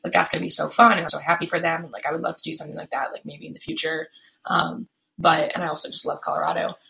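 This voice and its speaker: Low, gravelly woman rambling tiredly. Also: fairly even intonation, fast, pushed and bright, rough recording. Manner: rambling, filler-heavy, frequent restarts; tired, yawning. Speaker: podcast host. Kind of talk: casual solo podcast chat. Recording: faint background noise, pen clicks.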